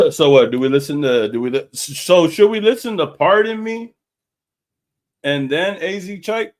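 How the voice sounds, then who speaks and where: A man's voice: a little high, lively intonation, a little slow. Guy on a late night live stream, cursing and laughing a lot, super casual slangy chat.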